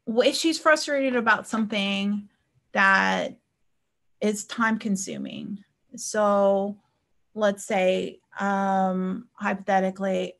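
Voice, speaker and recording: This medium-pitched woman sounds fairly bright. She's a life coach doing a live stream, chatting informally, telling anecdotes from her own life, and checking in with the people watching.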